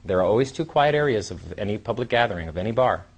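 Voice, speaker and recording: Guy in his 30s teaching a seminar, kinda husky, low voice, sighs a lot, loose and rambly. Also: lively intonation, muffled recording. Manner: casual, rambling, with sighs and long pauses. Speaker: dating coach and trainer. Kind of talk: live seminar talk.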